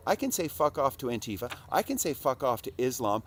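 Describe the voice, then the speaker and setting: A man talking to a recording device in a rambling, profane casual monologue, dropping to mumbles and rising to loud outbursts. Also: medium pitch, sing-song, a little fast, faint music behind.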